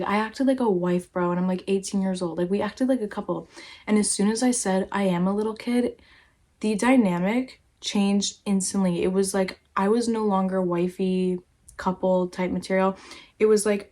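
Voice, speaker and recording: A woman's voice: medium pitch, mellow. A young woman talking casually to camera, rambling through a personal story with lots of fillers and swearing. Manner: rambling, heavy use of "like", swears freely. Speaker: vlogger.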